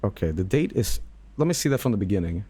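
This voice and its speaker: A man streaming, casually reacting to videos with lively laughs and swearing. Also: fairly low pitch, fast talker, breathy edge.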